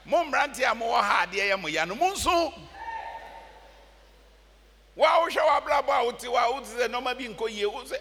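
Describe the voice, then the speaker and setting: Brief: Ghanaian male pastor, high and bright voice, lively preaching in an echoey church hall. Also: normal speed, vocal fry, long pauses, breathy edge. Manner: animated preaching mixing English and Twi, laughs and shouts. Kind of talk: sermon. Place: large church.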